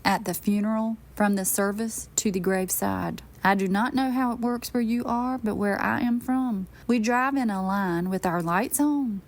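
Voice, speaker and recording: A woman's voice: medium pitch, natural voice. An older woman, the host's mother, giving a stern, sassy monologue on funeral etiquette. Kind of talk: scripted monologue.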